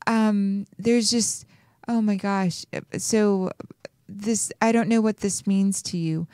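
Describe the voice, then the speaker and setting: A woman hosting a radio show, giving a caller a slow, soothing reading with many pauses and fillers. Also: mid-range voice, warm tone, no room sound, studio quality. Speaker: radio show host and intuitive reader.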